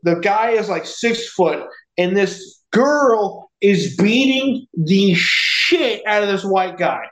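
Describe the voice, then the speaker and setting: A man telling a profane, animated story in casual podcast chat. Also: sits high, slow pace, reverberant, rough recording.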